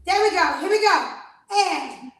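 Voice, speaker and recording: A woman's voice: very high-pitched, expressive, a little slow, gravelly, fairly bright tone, roomy sound. A woman fitness trainer, out of breath, energetically coaching a live workout, counting reps and calling out commands.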